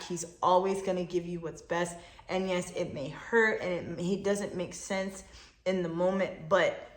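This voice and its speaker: Woman host, low-ish voice, earnest encouraging faith talk, roomy echo. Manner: emphatic, encouraging, repetitive. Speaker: podcast co-host. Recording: echoey room.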